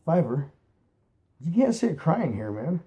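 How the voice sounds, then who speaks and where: A man reading aloud and voicing a young male rabbit who firmly tries to calm his frightened friend. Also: fairly high pitch, slow pace, pitched above the performer's own voice. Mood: urgent. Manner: firm, reassuring, urgent.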